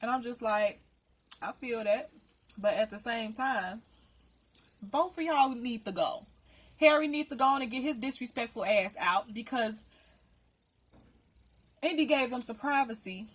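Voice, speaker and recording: Woman reviewer, a touch high, husky, and profane in a casual recap. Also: measured pace, long pauses. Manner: blunt, profane, indignant storytelling. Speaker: reality TV reviewer. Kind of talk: casual episode recap and commentary.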